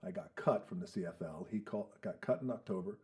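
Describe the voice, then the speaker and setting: A man's voice: low-pitched, fairly quick, darkish tone. A man in his fifties, a podcast guest telling stories in a casual, profane way and acting out the voices of people he quotes. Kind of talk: casual storytelling chat. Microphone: studio podcast mic.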